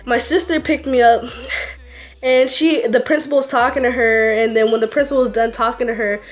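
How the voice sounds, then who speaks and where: A teenage girl vlogging a casual storytime, animated and laughing as she tells it. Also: a little high, fairly quick. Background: faint music.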